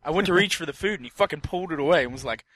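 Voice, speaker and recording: A man on a casual podcast telling a profane drinking story, shouting out the quoted lines. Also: fairly high pitch, lively intonation, racing, no room sound. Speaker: podcast co-host.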